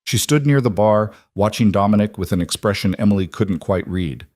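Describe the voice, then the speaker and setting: A man reads scripted story narration in a calm, even manner. His voice is somewhat low, and the recording is close and dry with no room sound. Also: normal speed, dry recording.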